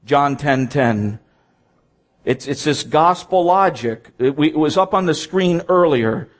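A man's voice: a little high, lively intonation, measured pace. A man preaching a sermon, reading scripture aloud and stressing points by repeating them.

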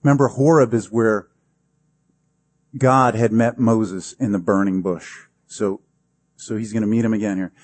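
Man preaching, conversational sermon, dark mellow voice, husky edge, dry sound. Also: lowish voice, steady tone, measured pace, pauses often, no echo. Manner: conversational, emphatic preaching with acted quotes. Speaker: pastor.

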